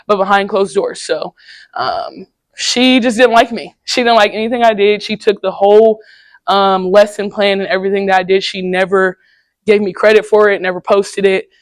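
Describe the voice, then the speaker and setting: A young woman giving a candid, casual personal talk to high school students in a classroom, telling stories in slangy everyday speech. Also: dry recording. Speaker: guest speaker at a high school.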